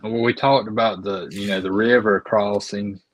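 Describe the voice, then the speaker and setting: A man's voice: on the low side, steady tone, moderate pace, dry recording, rough recording. A man co-hosting a casual chat, easygoing and talking with lots of "you know"s. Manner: easygoing, filler-heavy, with many "you know"s. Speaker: co-host.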